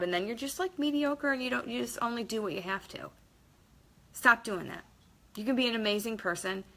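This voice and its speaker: Her mid-range voice sounds pushed and bright as this motivational vlogger addresses the camera. Casual yet emphatic and blunt, she swears mildly and acts out quotes using varied voices.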